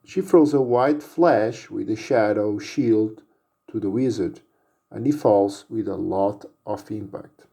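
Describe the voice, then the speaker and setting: Slow, dark-voiced male storyteller. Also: on the low side, creaky. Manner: unhurried, with fillers and restarts. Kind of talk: amateur story narration.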